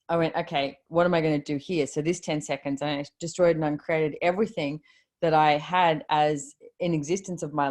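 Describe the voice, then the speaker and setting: A woman with a low voice talks casually and gives motivational advice over a video call. She is chatty and offhand, quotes her own thoughts aloud and lets a swear word slip. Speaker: host of a live video call.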